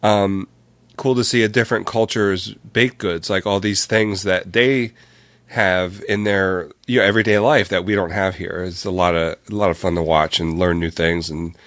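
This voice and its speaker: Podcast co-host, man, relaxed earnest chat, slightly low voice. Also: moderate pace, no echo. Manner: earnest, enthusiastic, easygoing. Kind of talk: casual chat.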